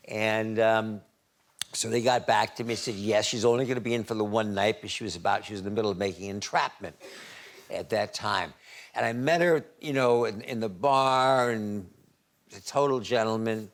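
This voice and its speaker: Halting, chuckling male storyteller. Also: lowish voice. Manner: halting, repeats words, chuckles while telling a story. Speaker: talk show guest. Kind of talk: anecdote on a chat show.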